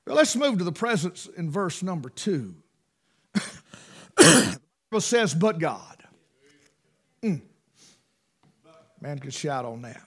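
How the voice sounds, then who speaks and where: A middle-aged man preaching a sermon, fervent, swinging between loud bursts and hushed asides. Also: on the high side, sing-song, takes it slowly, pauses often, slightly rough.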